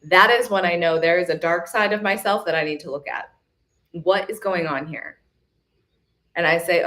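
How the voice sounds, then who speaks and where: A woman's voice: lowish voice, moderate pace, fairly bright tone. A woman hosting a live self-love retreat, giving an emphatic, casual motivational talk. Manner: emphatic, repetitive coaching; casual, chatty.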